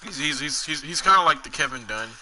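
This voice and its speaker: A man's voice: a little high, expressive, fast, a crowd in the background, rough recording. A young man doing casual gameplay commentary, rambling and joking at his own expense. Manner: rambling, joking, self-mocking.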